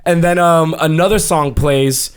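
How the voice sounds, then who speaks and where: A fairly high-voiced man spins a rowdy story on a casual podcast. He swears freely and acts out what others said, jumping into shouts and bursts of laughter. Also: measured pace, smooth. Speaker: podcast co-host.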